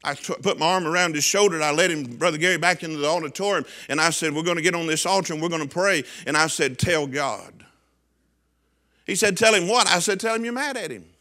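Middle-aged male pastor, sermon delivery, high ringing voice with big loud-soft swings. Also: fast. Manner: preaching with swings from loud shouts to hushed lows.

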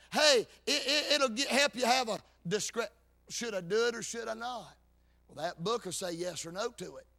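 High, bright-voiced preacher man. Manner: fervent, half-sung preaching with loud peaks. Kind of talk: sermon.

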